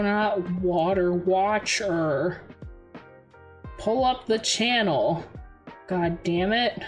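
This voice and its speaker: A young woman streaming and chatting casually with viewers, rambling and giggling as she talks. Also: medium pitch.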